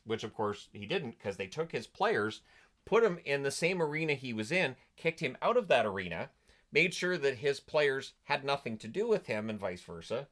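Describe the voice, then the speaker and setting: A man's voice: medium pitch, very animated, moderate pace, a bit bright. A man hosting a casual history vlog, telling the story in a sarcastic, amused way with lots of filler words. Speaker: hockey history channel host.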